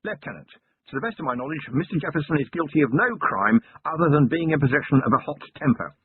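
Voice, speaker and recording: A man's voice: on the high side, lively intonation, fast talker, a little hiss or hum, pitched above the performer's own voice, close to an everyday voice. A man reading the part of a stern male police commander with a dry, commanding manner. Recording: tinny lo-fi recording.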